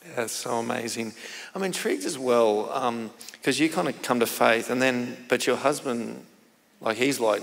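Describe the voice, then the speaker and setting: A man, a pastor, interviews a guest in an easygoing way, restarting his questions as he goes. His voice has a gravelly edge. It carries a long hall reverb. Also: mid-range voice, normal speed. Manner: warm prompting questions, trailing restarts. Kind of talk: casual interview.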